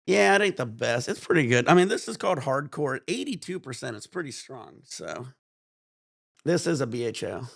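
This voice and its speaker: Laid-back gravelly man on a livestream. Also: medium pitch, very animated, normal speed, a bit bright, no echo, studio quality. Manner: laid-back, rambling, laughs often, swears casually. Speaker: livestream host. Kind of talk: casual livestream chat.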